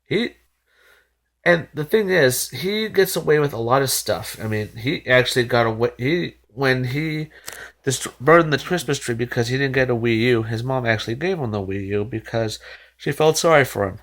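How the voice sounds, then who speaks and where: A man's voice: mid-range voice, moderate pace, a bit bright. A man hosting a reaction video, recapping and commenting in a rambling, exasperated way with frequent restarts and sighs.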